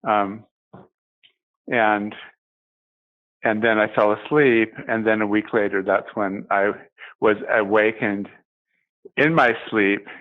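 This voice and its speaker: An older man giving a personal testimony as an interview guest, speaking haltingly with many pauses and restarts. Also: lowish voice, fairly even intonation, phone-quality sound.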